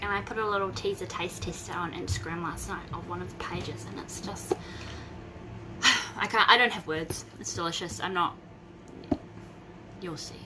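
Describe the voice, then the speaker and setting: A young woman, hosting a casual live video from home, rambling and bursting into excited squeals. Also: fairly high pitch, noisy background. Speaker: host of a Facebook group live video.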